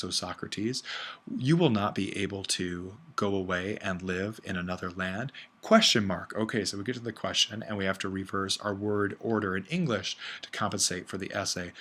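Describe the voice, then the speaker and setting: Guy with a low voice talking through a lesson, keeps fixing what he just said. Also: a bit bright. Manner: thinks aloud, self-correcting, many fillers. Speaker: Greek instructor. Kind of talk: casual recorded lecture.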